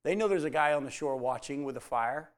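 A man's voice: mid-range voice, expressive, brisk. A man preaching a sermon, telling the story and acting out the quoted lines as dialogue.

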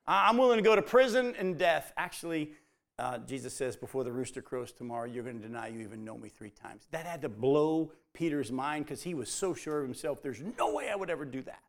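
A man's voice: mid-range voice, brisk, darkish tone. A man preaching a sermon, telling the story and acting out the quoted lines as dialogue.

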